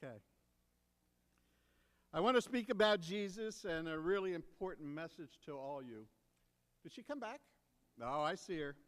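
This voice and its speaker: A man's voice: fairly high pitch, animated, moderate pace, pauses often. A man serving as deacon, giving a playful children's sermon, coaxing and teasing the kids into answering. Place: church sanctuary. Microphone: handheld or stand microphone. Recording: long church reverb.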